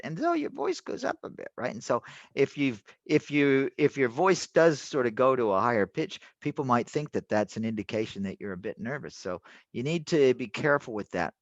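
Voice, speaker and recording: A man's voice: medium pitch, no room sound. Rambling man lecturing, dull dry sound. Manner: rambling, many restarts and fillers. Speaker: teacher. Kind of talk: online class lecture.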